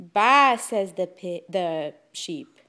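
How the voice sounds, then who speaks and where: A woman teaching a small child animal names in a slow sing-song way, praising each answer. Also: on the low side, steady tone. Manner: encouraging, praising, exaggerated animal noises.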